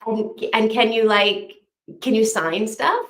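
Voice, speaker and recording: A woman's voice: a little high, takes it slowly, reverberant. A woman hosting a reading sprint, chatting casually and rambling with lots of fillers while she reads out comments. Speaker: host of a reading sprint stream.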